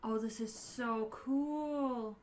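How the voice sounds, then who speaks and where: A woman giving excitable live commentary as she streams a video game, gasping and yelping at what happens on screen. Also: a little high, very slow.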